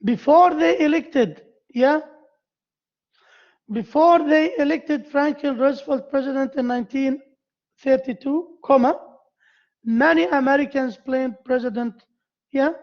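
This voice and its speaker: A male university lecturer giving a grammar lesson to a class, halting and repeating himself as he quizzes his students. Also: very high voice, highs cut off.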